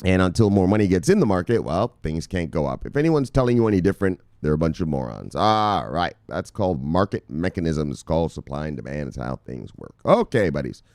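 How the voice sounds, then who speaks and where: A man hosting a rowdy daily news show with a very lively, jumping pitch. He yells and swears, then drops to low mutters, and his voice sits dry and close with no room around it. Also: a little fast, few pauses, dry recording. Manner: shouts bursts of "Bang!", swears, hypes his viewers. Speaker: crypto news show host. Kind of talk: excitable casual news show with profanity.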